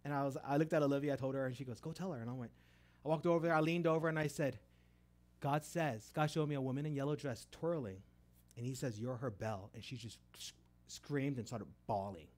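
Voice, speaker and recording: In a sermon, a middle-aged man speaks at a medium pitch and a fairly quick pace. His storytelling is full of restarts, swelling loud to make a point and then falling quiet.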